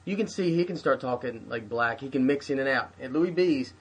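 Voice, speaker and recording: A man hosting a podcast, chatting casually in a halting way with many restarts. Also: mid-range voice, husky. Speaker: podcast host. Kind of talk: casual chat.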